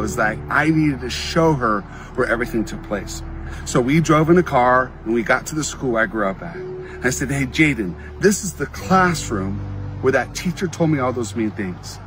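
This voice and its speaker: A man's voice: medium pitch, animated, moderate pace, over music, low-quality recording. A man who speaks at school assemblies telling a personal story to kids in a heartfelt, encouraging way, acting out the quoted lines. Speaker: motivational speaker.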